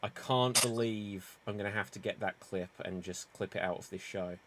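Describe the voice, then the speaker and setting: A man's voice: on the low side, normal speed, a bit bright. A man hosting a live improv murder-mystery game, announcing rounds and calling votes in a theatrical manner. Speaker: improv show host.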